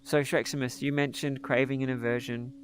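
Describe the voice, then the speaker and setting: A man leading a live group mindfulness session, coaching participants in a gentle, encouraging way over an online call. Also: medium pitch, flat delivery, a little fast, noisy background. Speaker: meditation teacher leading a group.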